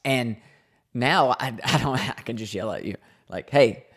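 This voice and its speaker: A man's voice: mid-range voice, expressive, a little slow, creaky, a bit bright. A man in his thirties co-hosting a podcast with his wife, talking earnestly in a loose, rambling way with many restarts. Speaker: podcast co-host. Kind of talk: casual podcast chat.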